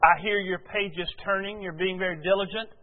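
A man preaching a sermon as pastor to his congregation, chatty and questioning with frequent "uh" fillers, slowing down to read scripture aloud. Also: high-pitched, steady tone, in a large hall, phone-quality sound. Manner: conversational, asks congregation questions, many "uh" fillers; slow and deliberate reading scripture aloud. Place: church sanctuary before a congregation.

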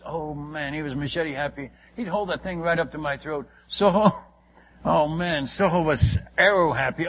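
A man's voice: on the high side, breathy edge, muffled recording. An older man, a missionary preacher, telling a story in a sermon with earnest, self-mocking candor.

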